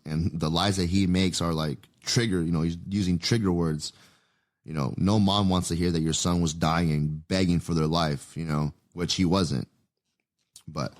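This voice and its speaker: A man hosting a podcast, reading scripture aloud and stopping to think aloud about it in a loose, conversational way. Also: sits low. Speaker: podcast host.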